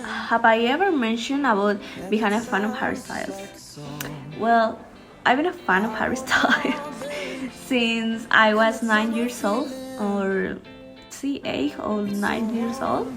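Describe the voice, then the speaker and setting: Woman, teens, Spanish speaker, hesitant, slightly high pitch, slow unhurried delivery. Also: over music. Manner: hesitant, halting, frequent restarts and fillers. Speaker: student. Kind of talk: homework anecdote in English.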